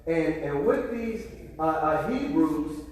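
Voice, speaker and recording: Male preacher with halting restarts in a reverberant hall. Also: a little high, expressive, a little mellow. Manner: stammering restarts, call-and-response with the congregation. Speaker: pastor. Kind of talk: sermon. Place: church sanctuary. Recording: echoey hall, far from the mic.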